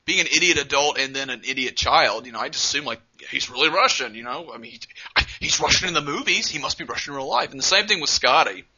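Dude rambling on a podcast, restarts a lot, cusses, sharp bright voice. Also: male voice, mid-range voice, expressive, quick pace, husky. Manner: rambling, profane, many restarts. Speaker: podcast co-host. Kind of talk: casual chat. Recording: muffled lo-fi audio.

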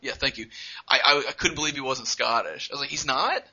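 A man's voice: medium pitch, fast talker, sharp tone. A man co-hosting a podcast in casual chat, rambling and profane, with many restarts. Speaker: podcast co-host. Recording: muffled lo-fi audio.

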